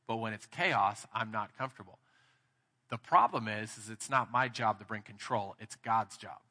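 Candid Texan pastor in a reverberant hall. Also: male voice, medium pitch. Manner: candid, storytelling, grows animated in anecdotes. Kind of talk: sermon.

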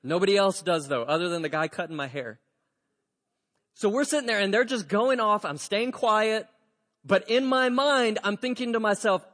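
A man preaching to his congregation and telling a story with lively acted-out dialogue. His voice sits high for a man. The sound rings with the long reverb of a church sanctuary. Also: normal speed. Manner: animated storyteller, acts out dialogue. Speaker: pastor. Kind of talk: storytelling sermon.

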